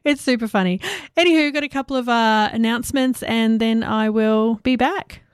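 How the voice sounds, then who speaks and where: A woman's voice: fairly high pitch, normal speed, slight background noise. An Australian woman presenting live local radio, chatty and giggly, poking fun at herself. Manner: chatty, giggly, self-deprecating. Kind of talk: casual live radio chat. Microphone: studio microphone.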